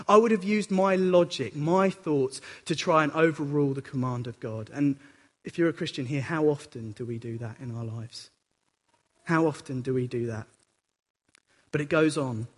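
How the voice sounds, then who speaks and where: Husky-voiced preacher in a reverberant hall. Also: male voice, on the high side, moderate pace. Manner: animated, swings between dramatic outbursts and quiet reflection. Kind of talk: sermon.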